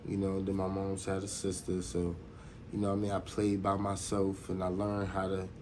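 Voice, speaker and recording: A man's voice: low-pitched, completely flat delivery, moderate pace, background noise. A man of about forty hosting his own show, telling a loose, rambling personal story and often asking whether the listener knows what he means. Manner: rambling, loose, constantly says "you know what I mean". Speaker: host. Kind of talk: casual storytelling monologue.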